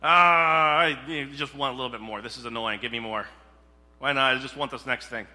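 Man voicing a complaining wanderer; loud, bright and sharp whine in a reverberant hall. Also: medium pitch, brisk. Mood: whiny. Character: whiny grumbling Israelite man in the desert. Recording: echoey hall.

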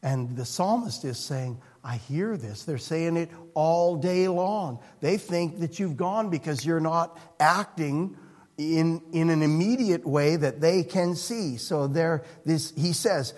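A man preaching a sermon as pastor, earnest, moving between hushed and emphatic passages. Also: on the high side, slow pace. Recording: long reverb of a hall.

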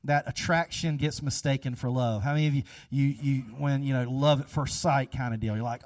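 A man's voice: medium pitch, fairly even intonation, brisk, hardly any pauses, no room sound, studio quality, distant mic. A man leading a casual, chatty sermon after an audience guessing game, upbeat and repeating himself.

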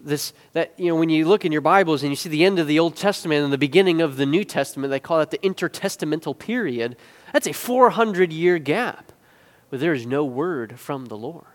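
A man preaching with animated swings between hushed asides and loud, emphatic climaxes. His voice sits a little high for a man and rings out with a long hall reverb, as if recorded in a church sanctuary. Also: brisk. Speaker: pastor. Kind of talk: sermon.

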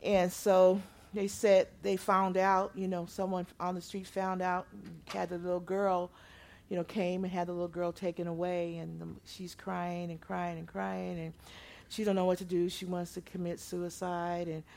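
A woman preaching a sermon, moving from loud proclaiming to quiet storytelling. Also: fairly low pitch, flat delivery, moderate pace, vocal fry.

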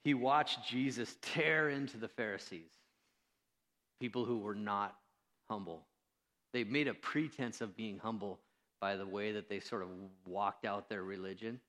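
This pastor's voice is fairly low and fairly bright, and he preaches unhurriedly in a church hall with lots of reverb. He talks conversationally, with fillers, making fun of himself and performing the quotes of people in his story.

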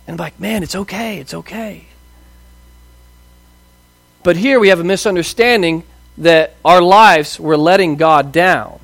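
A man in his thirties gives a sermon in a loose, chatty way. His voice sits high for a man, and the sound is dry and close. He keeps asking the room questions and slips into little acted-out voices. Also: fairly bright tone, dry recording. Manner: casual, asks rhetorical questions, acts out quoted voices. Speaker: pastor. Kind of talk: conversational sermon.

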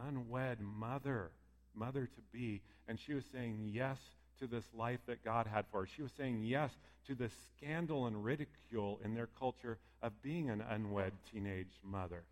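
A male preacher speaking in a relaxed, conversational way, at times playfully acting out imagined voices. His voice sits at a middle pitch and carries a long reverb, as if he were in a big hall. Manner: lively, conversational, acts out quoted voices. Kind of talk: sermon.

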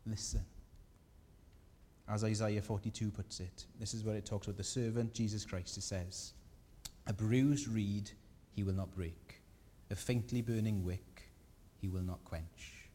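Man preaching a sermon, earnest and gentle, mellow voice, echoey church hall w/ a faint rumble. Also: fairly even intonation, a little slow. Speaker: pastor.

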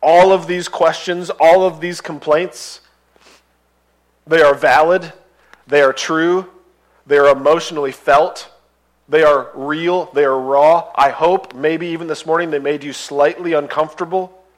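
A male pastor preaching a sermon. He reads scripture aloud between his remarks and builds to loud, impassioned pleading. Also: fairly high pitch, steady tone, a little slow, rough recording.

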